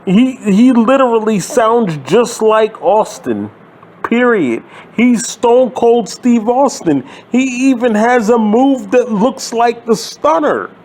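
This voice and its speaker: A man's voice: very high voice, animated, slow pace, darkish tone. A man hosting his own channel, ranting about wrestling in an exasperated, sarcastic, swearing way. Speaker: wrestling commentary channel host. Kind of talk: profane wrestling rant.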